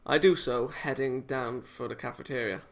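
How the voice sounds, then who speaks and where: A man's voice: mid-range voice, fairly even intonation, moderate pace, gravelly. A man casually reading a visual novel aloud, cutting in with sarcastic, self-mocking jokes. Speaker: let's play host reading a visual novel. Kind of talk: casual read-aloud with joking asides.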